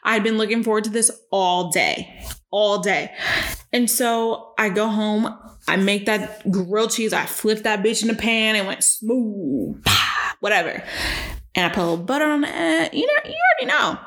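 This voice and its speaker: A young woman hosting her own podcast, telling a long personal story in casual chat, profane and self-mocking, breaking into high, exaggerated voices when she acts out scenes. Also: normal speed. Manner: animated, jumps into high-pitched voices when acting out scenes. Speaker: podcast host.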